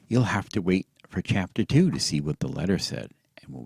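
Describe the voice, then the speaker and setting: A man with a very deep voice reading a storybook aloud to help listeners fall asleep. His manner is soft and soothing, though the intonation moves lively across the lines, and the recording is close and dry with no room sound. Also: fairly quick, gravelly, breathy edge, no echo. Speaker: audiobook narrator.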